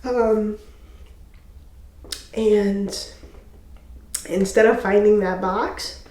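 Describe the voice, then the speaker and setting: A young woman talks to camera in a personal faith testimony, emotional and halting, often pausing and restarting. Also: mid-range voice, steady tone, a little mellow. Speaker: faith video host. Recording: echoey room.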